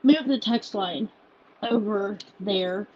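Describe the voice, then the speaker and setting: A woman who leads a volunteer group, speaking in a halting, emotional personal message with many restarts, close to tears. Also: medium pitch, dull audio.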